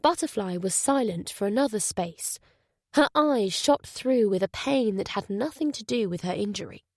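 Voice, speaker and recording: A woman narrating a thriller audiobook in a steady, even delivery. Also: mid-range voice, moderate pace, no echo, clean studio sound. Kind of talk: scripted narration.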